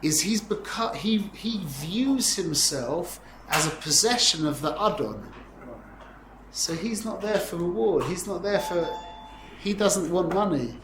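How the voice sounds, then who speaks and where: A man teaching a lively Torah class to students, animated and quick to correct himself, using Hebrew and Yiddish terms. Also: high voice, echoey room, noisy background.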